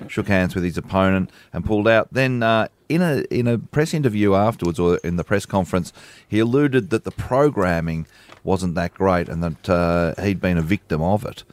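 A man co-hosting a casual chat, measured and explaining in detail. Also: low-pitched, no echo. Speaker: radio co-host.

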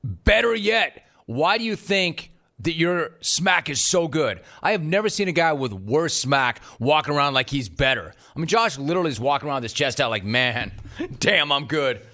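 Sarcastic, bright-voiced radio host man. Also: on the high side, expressive. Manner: sarcastic, rapid-fire. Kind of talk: sports talk radio.

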